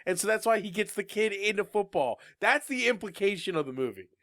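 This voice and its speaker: A man co-hosting a podcast, talking in excitable, laughing, profane casual chat. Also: high voice, a little fast, no echo, studio quality. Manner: excitable, swears, laughs a lot. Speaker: podcast co-host.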